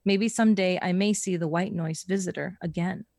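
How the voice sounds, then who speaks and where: A woman's voice: lowish voice, moderate pace, creaky, no room sound, studio quality. A young adult woman co-hosting a podcast, reading a listener's story aloud with casual, swearing asides. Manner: expressive reading, breaks into laughter and swearing.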